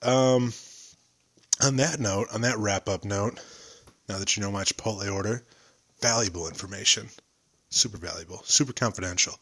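A man's voice: on the low side, moderate pace, pauses often, fairly bright tone, slightly rough. A young man hosting a solo podcast, rambling and joking about himself. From United States. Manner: joking, rambling, self-deprecating. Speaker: podcast host.

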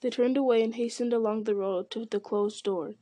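A woman reading an audiobook in a measured narrating voice, with occasional slips. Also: a little high, fairly even intonation, mellow.

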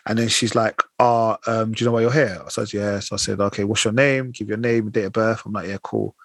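A young man with a slightly husky voice rattles off a long anecdote at a fast clip, full of slang and quoted exchanges. The sound is close and dry. It is casual podcast chat between friends. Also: on the low side, steady tone, a bit bright, no echo. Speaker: podcast co-host.

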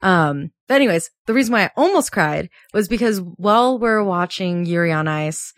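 A woman's voice: lively intonation, moderate pace, dry recording. Chatty young woman, dry close mic. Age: 20s. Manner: chatty, laughs often, acts out quotes with a jump in pitch. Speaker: podcast co-host. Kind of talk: casual chat.

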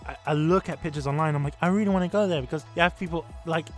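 A man in casual podcast chat, excitable and laughing often, restarting his sentences as he goes. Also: fairly high pitch, very fast, faint music behind.

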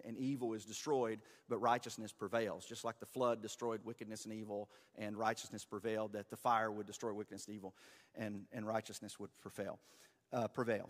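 A man's voice: mid-range voice, in a large hall. A man teaching a church class in a conversational, explaining way, with fillers and restarts. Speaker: pastor or teacher.

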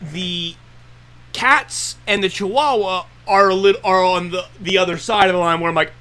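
High, bright-voiced man thinking aloud. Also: moderate pace. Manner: thinking aloud, repeats words as he restarts. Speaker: podcast co-host. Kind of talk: casual chat.

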